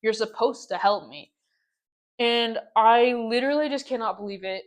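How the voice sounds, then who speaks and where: A woman's voice: a little high, normal speed. A young woman hosting her own podcast, venting in a casual story-time ramble full of "like" and exasperated repeats. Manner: exasperated, ranting, lots of "like". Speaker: podcast host.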